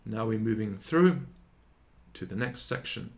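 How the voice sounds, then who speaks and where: Slow, deliberate male reader of grammar. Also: lowish voice, expressive, vocal fry. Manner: slow, deliberate, sounding out each example word. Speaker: teacher reading a historical grammar aloud. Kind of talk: read-aloud lesson.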